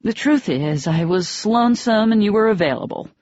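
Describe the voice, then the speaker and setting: A flustered, embarrassed young woman in an audiobook romance, as the narrator puts her on, her voice lifted high and anxious. She keeps apologizing. The recording is dry and a little dull. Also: lively intonation, moderate pace, a little mellow, no echo, natural voice. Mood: apologetic.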